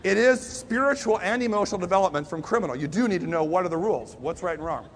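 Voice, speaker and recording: A man with a high, bright-sounding voice delivers a sermon as if talking with friends. He moves from quiet to loud emphasis as he tells stories. He pokes fun at himself, and a faint rumble sits behind him. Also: fast talker. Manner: lively storyteller, swings between hushed and loud emphasis; self-deprecating asides. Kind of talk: conversational sermon.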